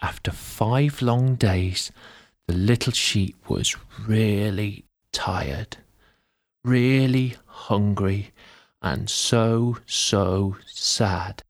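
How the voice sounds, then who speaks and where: A man with a fairly low-pitched voice reads a bedtime story, gentle and drawn-out. Now and then he slips into soft, whispered asides.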